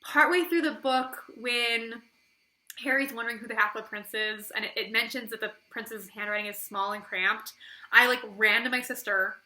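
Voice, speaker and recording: Bright-voiced chatty woman reviewer. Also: a little high, normal speed. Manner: rambling, heavy use of "like" fillers; animated retelling, acting out her own reactions. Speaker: book reviewer host. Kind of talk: casual chatty book review.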